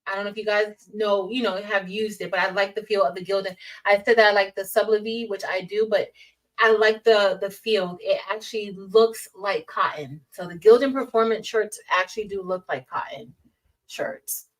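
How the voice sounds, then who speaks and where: A chatty woman teacher talks casually to her livestream viewers, drifting between school stories and crafts. Her voice sits at a middle pitch and sounds a little distant from the mic. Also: steady tone, normal speed. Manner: chatty, addresses viewers as y'all, reads chat aloud.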